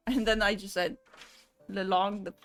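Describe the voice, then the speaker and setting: A woman's voice: medium pitch, fairly even intonation, normal speed, a bit bright, faint music behind. Laughing, language-hopping woman streamer. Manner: laughs often, swears casually, switches between languages. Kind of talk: casual live-stream chat.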